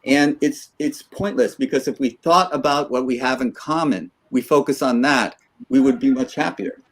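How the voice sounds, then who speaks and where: A man's voice: mid-range voice, moderate pace. A middle-aged man co-hosting a podcast, talking in an earnest, reflective way. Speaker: podcast co-host. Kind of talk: casual podcast talk.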